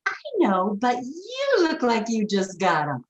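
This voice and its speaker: A woman's voice: fairly high pitch, wildly swooping pitch, a little slow, dull audio. A woman voicing her socially awkward male neighbor in a sing-song, overly chummy way. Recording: roomy echo.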